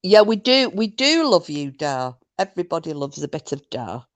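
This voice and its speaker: A woman's voice: low-pitched, very animated, moderate pace, no room sound. A woman hosting a casual live-stream quiz night, answering viewer comments and often breaking into laughter. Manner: giggly, often bursting into laughter.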